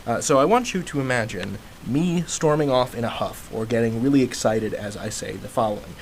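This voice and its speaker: A man's voice: medium pitch, brisk, hardly any pauses, a little hiss or hum, rough recording. A man teaching grammar in a casual educational video, chatty, acting out example sentences with emphasis.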